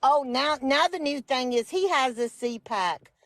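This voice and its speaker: A woman's voice: sits high, lively intonation, unhurried, fairly bright tone. A woman in her forties or older, a guest on a political livestream, talking in a passionate, exasperated way and correcting herself as she goes. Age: 40s or older.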